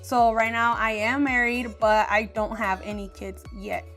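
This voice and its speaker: Chatty young woman vlogging over soft music. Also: fairly high pitch, fairly even intonation, unhurried. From Arizona, USA. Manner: chatty, candid, frequent fillers. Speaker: beauty vlogger. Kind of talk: casual get-to-know-me Q&A.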